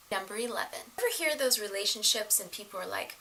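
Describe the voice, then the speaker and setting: A middle-aged woman giving casual relationship advice to the camera, animated and laughing often as she acts out the voices of others. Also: medium pitch, quick pace, creaky, few pauses, a little hiss or hum, poor audio.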